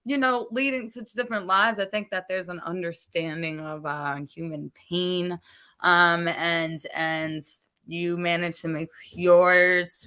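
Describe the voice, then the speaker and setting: A woman's voice: on the low side, sharp tone. A woman co-hosting a virtual poetry open mic with a New York accent, chatting casually with fillers and frequent laughs. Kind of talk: casual live-stream hosting.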